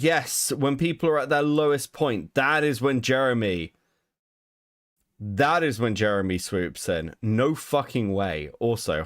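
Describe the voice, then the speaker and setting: A man's voice: medium pitch, no room sound. A man chats on a podcast and reacts to a video. His voice jumps up and down as he swears and scoffs in disbelief. The sound is dry and close to the mic. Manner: animated, incredulous, swears a lot. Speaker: podcast co-host. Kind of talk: casual chat, reacting to a video.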